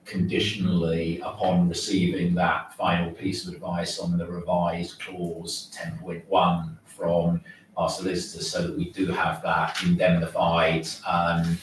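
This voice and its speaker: Male councillor, deep and measured; distant mic in a reverberant chamber. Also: completely flat delivery, a little hiss or hum. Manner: measured, hesitant restarts. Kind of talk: council meeting debate. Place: council meeting room.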